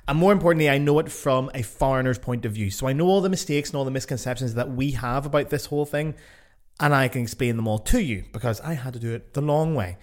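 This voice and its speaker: A man's voice: medium pitch, fast. Blunt, sweary Northern Irish man. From Northern Ireland. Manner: blunt, sweary and self-mocking. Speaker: podcast host. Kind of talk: casual podcast monologue.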